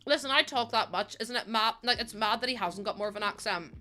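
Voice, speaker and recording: A woman's voice: a little high, fast talker, bright, forceful tone, faint music behind. A young woman, chatting casually on a live stream, laughing often and answering chat from a room at home.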